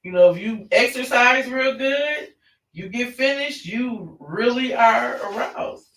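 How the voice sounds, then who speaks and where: A man's voice: extremely high pitch, lively intonation, slow pace, a bit bright. A man presenting an online parenting class in a conversational way, often restarting his sentences. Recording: roomy, distant mic.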